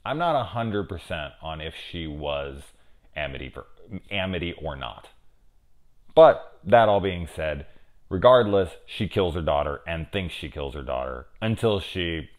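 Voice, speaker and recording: A man hosting a casual review show, thinking aloud with many fillers and swinging between loud excited questions and low mumbles. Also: measured pace. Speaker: TV review host. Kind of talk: casual spoiler discussion.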